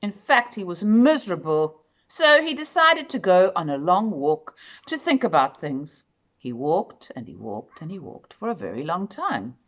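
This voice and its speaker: A woman reading a children's picture book aloud, expressive and speaking directly to the listener. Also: on the low side, unhurried, dull audio. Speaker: storyteller.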